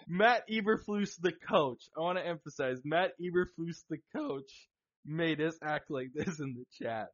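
Excitable laughing man, lo-fi. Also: a little high, normal speed. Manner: excitable, swears, laughs a lot. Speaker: podcast co-host. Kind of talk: casual chat. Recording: dull lo-fi sound.

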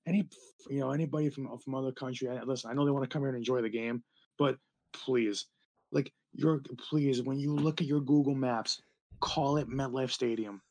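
A young man from New Jersey co-hosting a podcast, talking in a rambling, animated way with lots of fillers and laughter. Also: medium pitch, fairly quick. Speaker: podcast co-host. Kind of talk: casual podcast chat.

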